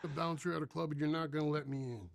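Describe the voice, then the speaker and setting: Rapid-fire and pitched on the high side with vocal fry, this man in his thirties relaxes into a long anecdote. He animatedly performs the voices of everyone he quotes.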